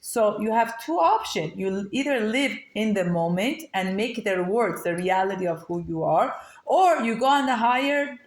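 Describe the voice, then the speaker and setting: A woman's voice: mid-range voice, normal speed. Chatty woman teaching, echoey room. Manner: chatty and animated, many fillers and restarts. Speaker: Torah class teacher. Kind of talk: casual spoken Torah lesson with personal stories.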